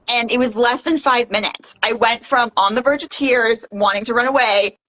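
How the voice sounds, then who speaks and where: A young woman from Canada telling a personal story in an animated way, with lots of "like". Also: fairly high pitch, low-quality recording. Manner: fast and animated, heavy use of "like". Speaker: guest. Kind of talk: casual testimonial storytelling.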